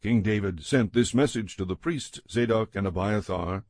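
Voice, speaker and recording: Man giving a measured scripture reading. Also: on the low side, darkish tone, dry recording, studio quality. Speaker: scripture reader.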